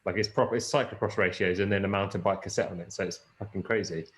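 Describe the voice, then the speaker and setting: Male podcast host, lowish voice, loose casual chat with fillers. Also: fairly even intonation, fast talker. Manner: chatty, rambling, with fillers and swearing. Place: lives in the Peak District.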